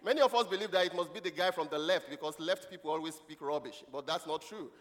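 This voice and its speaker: A man preaches a children's sermon in a church hall, leading the congregation in call-and-response and quizzing them with questions and laughs. He talks fast in a fairly high, slightly bright voice, with long hall reverb.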